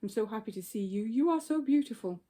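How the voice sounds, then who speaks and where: A woman voicing Vivian, a sad and lonely young girl, with a high, crying wail in a storybook reading. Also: expressive, fast, mellow, lightly acted. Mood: delighted.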